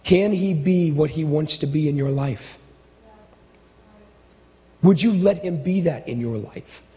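A middle-aged male pastor preaching a sermon with impassioned, repetitive phrasing, swinging between stirring build-ups and low, quiet asides. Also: measured pace. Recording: long reverb of a large hall.

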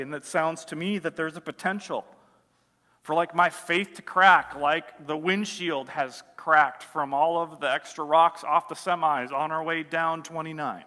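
High, bright-voiced man preaching in a reverberant hall. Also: steady tone, measured pace. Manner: conversational, many "like" fillers, swings between loud emphasis and soft asides. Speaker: pastor. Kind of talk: sermon.

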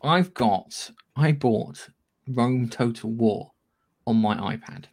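A man's voice: mid-range voice, slow pace, a little mellow. A man co-hosting a casual gaming news podcast, chatty and rambling, with casual swearing. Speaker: podcast co-host.

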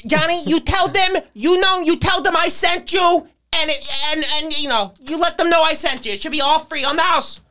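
A man voicing a fawning, hotheaded male New York doorman with a put-on New York accent, who is obsequious and snaps into shrill screaming. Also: moderate pace, few pauses, bright, forceful tone.

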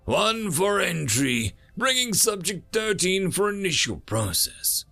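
A man's voice: high-pitched, big pitch swings, takes it slowly, vocal fry, sharp tone, soft background music, pitched above the performer's own voice, exaggerated voice. A man doing a snarling vengeful cyborg soldier. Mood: cold. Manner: snarling, menacing.

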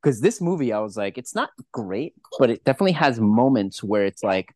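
A man's voice: mid-range voice, very animated, fairly quick, a little mellow, no echo. Casual male podcast co-host, mid voice, rambly and profane, dry close sound. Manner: rambling, swears a lot, many restarts. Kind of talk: casual chat.

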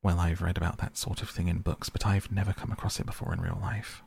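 A man voicing a sharp-tongued, bossy male water rat with a sarcastic, brisk manner. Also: deep voice, flat delivery, creaky, husky, heavily acted.

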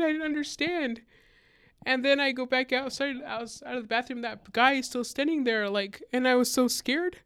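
A fairly high, crisp woman's voice, close to the mic in a dry room. She tells her story casually, full of fillers, and acts out the quotes with lively shifts. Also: fast talker, no echo. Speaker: guest speaker.

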